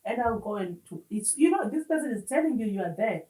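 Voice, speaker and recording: A woman, an interview guest giving personal testimony in an earnest, halting way and mixing in Xhosa words. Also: fairly high pitch, lively intonation, warm tone. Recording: roomy echo, distant mic.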